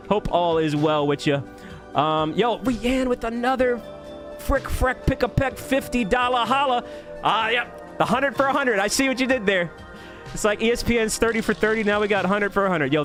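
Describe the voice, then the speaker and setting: A man streaming live, cheerfully greeting viewers by name and thanking them with quick laughs. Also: high voice, expressive, faint music behind. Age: adult. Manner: upbeat, rapid shout-outs with laughs. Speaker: YouTube streamer.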